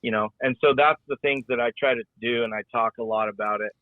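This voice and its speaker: A man's voice: medium pitch, steady tone, fast talker, dry recording. A middle-aged man, a former rodeo rider and announcer, talking in a rambling, folksy way on a podcast, often repeating his words. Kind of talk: casual podcast conversation. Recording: tinny phone-like line.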